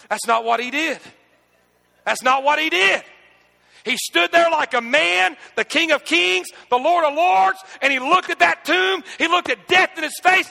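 A male pastor preaching with high, gravelly intensity, his voice ringing out in a big church. He swings from loud, dramatic outbursts to near-whispered moments. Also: lively intonation, normal speed, big-room sound. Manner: dramatic, swings between shouting and near-hushed speech. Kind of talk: sermon.

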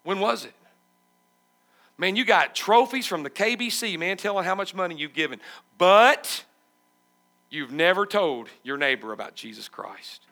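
A man's voice: a little high, normal speed, gravelly, pushed and bright. A male pastor preaching a sermon emphatically and asking his congregation questions.

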